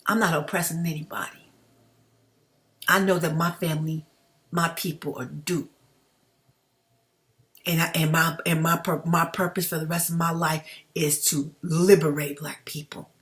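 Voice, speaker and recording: A woman's voice: low voice, steady tone, normal speed, pauses often, a bit bright. Impassioned woman vlogging to her viewers. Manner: impassioned, addresses viewers as family. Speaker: YouTube commentator. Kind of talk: direct-to-camera commentary vlog.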